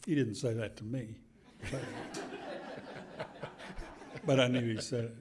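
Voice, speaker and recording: An older man, an author, talking slowly and telling stories with pauses at a live book event. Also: medium pitch, steady tone, background noise. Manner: unhurried, storytelling with pauses and soft chuckles. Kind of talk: conversational book talk. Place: event hall with an audience.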